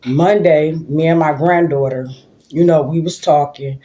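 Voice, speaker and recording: A woman's voice: deep voice, fairly even intonation, measured pace, warm tone, dull audio. An older woman, a grandmother, chatting and rambling through a story while eating lunch at home for her vlog, recorded on a phone. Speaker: vlogger. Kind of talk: casual mukbang storytelling.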